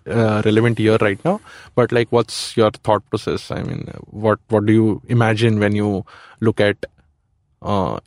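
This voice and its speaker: A man's voice: medium pitch, a little mellow, no echo, clean studio sound. A man hosting an interview, asking tentative, filler-laden questions. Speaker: podcast host interviewer.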